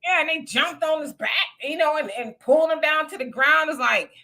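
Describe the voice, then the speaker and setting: A woman's voice: high-pitched, fairly quick, bright, forceful tone. A woman from California giving blunt, colloquial political commentary on a casual live stream.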